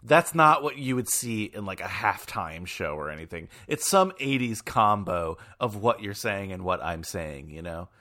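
A low-voiced man co-hosts a podcast, talking at a moderate pace with few pauses. He chats casually about a film, rambling and animated, using lots of fillers.

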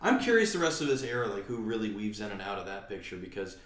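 Low-voiced man in casual podcast chat. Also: quick pace, echoey room, far from the mic. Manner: animated, rambling with restarts. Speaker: podcast co-host.

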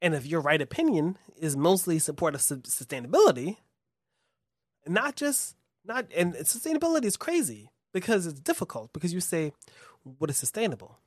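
A man's voice: on the high side, huge pitch swings, a little fast, no room sound. Profane rambling young man, dry sound. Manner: rambling and profane, many restarts, acts out quotes. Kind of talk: casual chat.

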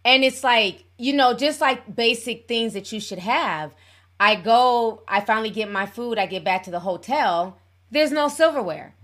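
A woman's voice: on the high side, moderate pace, a bit bright. A woman hosting a live call-in show, chatty and affectionate with her callers. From Minnesota.

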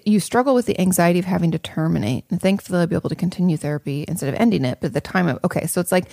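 Woman, thirties, therapist, chatty and reassuring, gravelly low voice, dry close sound. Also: darkish tone, no echo. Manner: chatty, reassuring, many fillers and restarts. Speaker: therapist answering audience questions. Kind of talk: casual advice talk.

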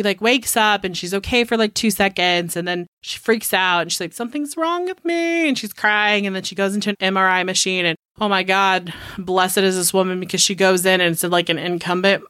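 A woman's voice: medium pitch, moderate pace, hardly any pauses, fairly bright tone, smooth, no echo, studio quality. Chatty profane woman retelling a film. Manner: chatty, profane, laughs often. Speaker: podcast co-host. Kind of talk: casual chat recapping a film.

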